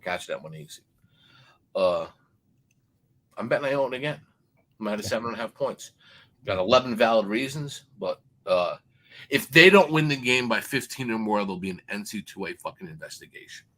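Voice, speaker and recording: A man's voice: lowish voice, animated, normal speed, long pauses. A man on a sports betting show, telling a long, profane story and acting out the other people in it. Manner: loud, swearing, acts out quoted people.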